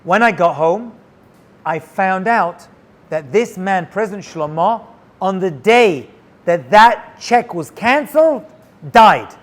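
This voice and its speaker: A male rabbi telling a story in an animated way, dropping Hebrew and Yiddish words as he goes. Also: high-pitched, takes it slowly. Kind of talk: storytelling talk.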